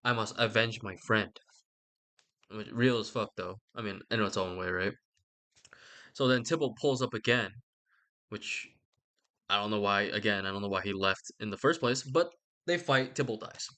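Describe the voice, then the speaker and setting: A man's voice: on the low side, normal speed, bright, forceful tone. A man giving a rambling, sweary comic retelling with lots of asides. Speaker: vlogger.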